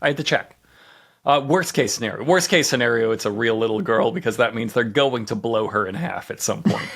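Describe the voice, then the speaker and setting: A man co-hosting a comedy podcast, talking in a sarcastic, mocking, animated way. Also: medium pitch, brisk, slight background noise. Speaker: podcast co-host. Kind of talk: casual comedic chat.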